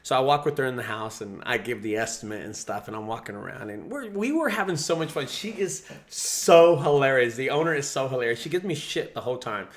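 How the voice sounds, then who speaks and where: A man's voice: medium pitch, lively intonation, a little fast, few pauses. A man who runs a junk removal business, teaching sales in a casual, profane, storytelling way. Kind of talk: casual teaching talk to camera.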